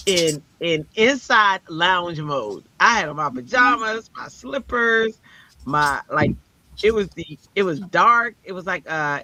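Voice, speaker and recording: A man telling a story in a casual chat on a crafting show, animated and dramatic, acting out the people he quotes. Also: on the high side. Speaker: co-host of a crafting livestream.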